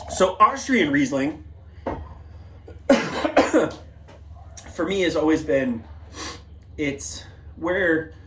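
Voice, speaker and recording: Casting: man, mid pitch, relaxed rambling wine-bar host, faint ambience behind. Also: a little hiss or hum. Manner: chatty, loose, lots of fillers and asides. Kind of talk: casual tasting talk.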